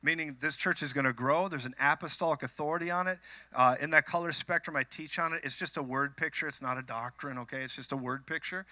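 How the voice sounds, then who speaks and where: A man from Minnesota preaching a sermon, telling animated personal stories with joking asides to the congregation. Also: a little high, no room sound. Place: church.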